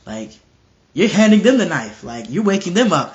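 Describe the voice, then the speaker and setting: A man's voice: sits high, moderate pace. A man preaching casually and earnestly, often stumbling and repeating words as he talks, now and then acting out bold dialogue. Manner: animated, acts out bold dialogue. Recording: dull lo-fi recording.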